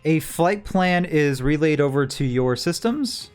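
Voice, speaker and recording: A man narrating a tabletop game as game master, in a relaxed way with many "uh" fillers. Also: fairly high pitch, measured pace, clear, resonant tone, faint music behind.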